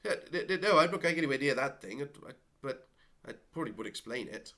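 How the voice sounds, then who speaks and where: A man's voice: mid-range voice, animated, quick pace, bright, forceful tone, pitched above the performer's own voice. A man voicing a timid male scientist who stammers nervously during a tabletop game. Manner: stammering, backing away.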